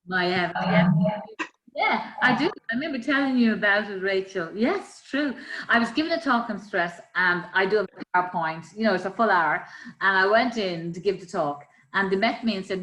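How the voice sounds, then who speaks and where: A woman, a life coach, calmly explaining ways to manage stress with everyday examples. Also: medium pitch, fairly quick. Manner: calm, explanatory, gives examples. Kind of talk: conversational coaching talk. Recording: roomy echo.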